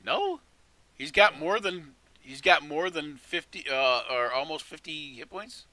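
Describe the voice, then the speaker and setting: As game master of a tabletop game, a man stays easygoing, laughs often, and tallies damage numbers out loud. He sounds very animated, with a somewhat high, sharp voice, speaking a little slowly on a dry recording.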